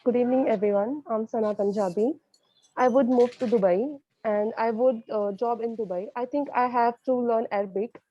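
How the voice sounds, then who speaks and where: A female student reading out a short prepared talk in class at a steady pace. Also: fairly high pitch, moderate pace. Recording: dull dry call audio.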